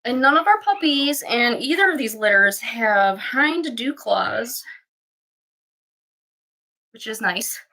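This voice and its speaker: A woman who breeds dogs, chatting casually on a livestream and talking to her puppies in high baby talk. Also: expressive, slow, long pauses, bright, forceful tone, rough recording. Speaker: dog breeder streaming puppies.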